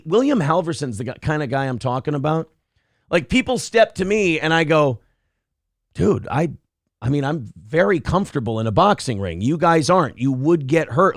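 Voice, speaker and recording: A man's voice: on the high side, dry recording, clean studio sound. Brash combative male stream host. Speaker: show host. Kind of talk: live-stream chat reading.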